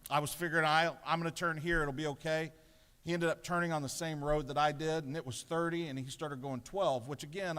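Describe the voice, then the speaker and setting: A man's voice: fairly high pitch, a bit bright. A middle-aged man giving a sermon as a pastor, telling a story with self-deprecating humor. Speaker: pastor giving the morning devotion. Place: large legislative chamber. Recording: long reverb of a large chamber.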